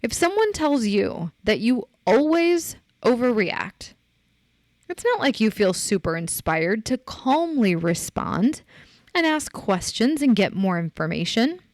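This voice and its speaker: A middle-aged woman hosting a podcast, unhurried and close to the mic in a dry, dead room. She coaches her listeners in an easy conversational way, and her voice jumps up sharply on the points she wants to land. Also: a little high, very animated, no echo. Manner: emphatic, encouraging, rises sharply when making a point. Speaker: podcast host.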